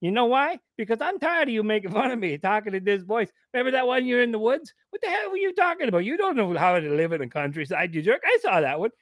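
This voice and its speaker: A man's voice: high voice, sing-song, fast talker, few pauses, dry recording, studio quality, pitched above the performer's own voice. A man doing a rambling touchy tough guy. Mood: aggrieved. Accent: New York or Boston, put on. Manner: rambling, stammering, confrontational. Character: touchy adult man angry about being mocked. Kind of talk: improvised comedy bit.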